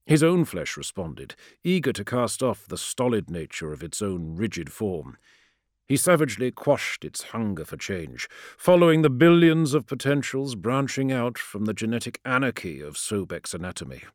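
Low-voiced male fantasy audiobook narrator. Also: big pitch swings, normal speed, dry recording, studio quality.

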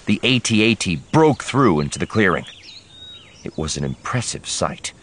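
A man's voice: deep voice, sing-song, moderate pace, fairly bright tone, slightly rough. A man narrating an audiobook dramatically, voicing each character himself.

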